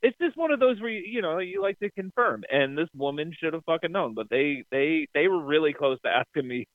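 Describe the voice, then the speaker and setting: A man's voice: fairly high pitch, animated, brisk, dry recording. A man co-hosting a casual podcast, telling an exasperated, profane story. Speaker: podcast co-host. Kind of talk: casual chat. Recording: dry tinny phone-like sound.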